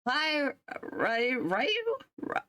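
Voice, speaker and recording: A woman's voice: on the high side, lively intonation, very slow, bright, forceful tone, clear, resonant tone, dry recording. A young woman streamer chatting casually with her viewers, rambling and self-deprecating. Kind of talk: casual livestream chat.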